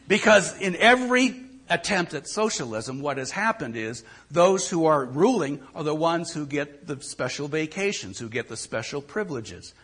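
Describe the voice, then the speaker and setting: A man's voice: a little high, expressive, moderate pace, few pauses, fairly bright tone, husky. An older male pastor giving a conversational sermon, often repeating words as he thinks.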